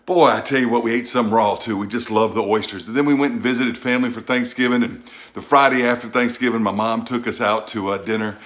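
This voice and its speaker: A man's voice: mid-range voice, fast talker. A middle-aged man from Louisiana with a Southern accent, chatting folksily while unboxing and tasting food in his own vlog. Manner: folksy, chatty, animated outbursts. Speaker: food vlogger.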